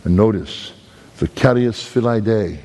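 A man with a Brooklyn accent preaching a sermon, emphatic, swinging between high loud peaks and slow low words. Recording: long hall reverb.

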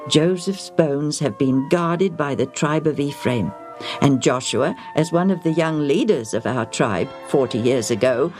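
An earnest older man in a storybook, as a woman reads him, looking back on his boyhood with feeling. The voice stays close to the reader's own low, lively tone, with faint music beneath. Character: older male elder recalling his boyhood.

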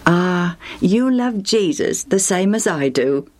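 A woman voicing Mister Legion, a kind, hospitable older man who speaks softly. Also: fairly low pitch, expressive, takes it slowly. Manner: warm, soft-spoken.

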